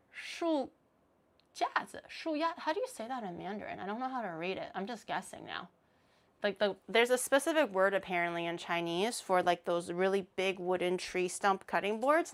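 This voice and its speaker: A woman streamer in casual livestream chat, playful and giggly, laughing often and rambling with plenty of fillers. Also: mid-range voice. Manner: chatty, rambling with many fillers.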